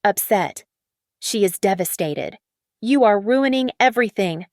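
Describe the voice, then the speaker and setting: A woman voicing a spoiled, entitled young woman who snaps and whines her demands in a shrill voice. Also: lively intonation, normal speed, dry recording, studio quality, natural voice. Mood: shrill upset. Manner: shrill, snapping, whiny demands.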